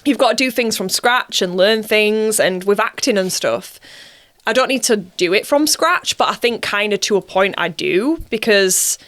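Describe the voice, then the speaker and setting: A woman's voice: mid-range voice, animated, moderate pace, a bit bright. Chatty young Englishwoman with an English accent. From England. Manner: chatty, rambling, frequent fillers. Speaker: actress, interview guest. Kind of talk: casual interview chat.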